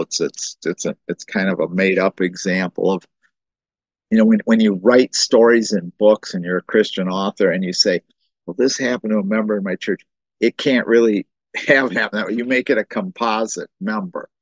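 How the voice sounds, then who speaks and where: A man's voice: fairly low pitch, moderate pace, no room sound. A man preaching a sermon as the pastor, talking animatedly with restarts and acting out quoted voices. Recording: dull muffled dry recording.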